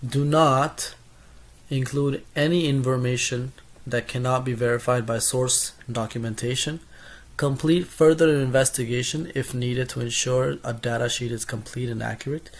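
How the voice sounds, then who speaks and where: A man's voice: mid-range voice, fairly even intonation, moderate pace. A young man reading through course notes as a casual spoken summary, reading lists steadily with small self-corrections and asides.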